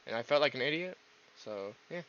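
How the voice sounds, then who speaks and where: A rambling, foul-mouthed man streaming a game, his voice bright and lively as it jumps around. The recording sounds dull with a faint hiss behind it. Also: mid-range voice, brisk. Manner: rambling, swears often. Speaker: streamer, VTuber. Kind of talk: casual game stream chat.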